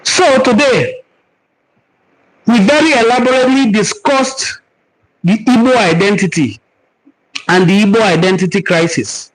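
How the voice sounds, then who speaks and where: A man's voice: sits high, measured pace, long pauses, rough recording. A man with a Nigerian accent, hosting a cultural forum and answering viewer comments in an earnest, preaching way, repeating words for emphasis. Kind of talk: live-stream teaching and answering viewer comments.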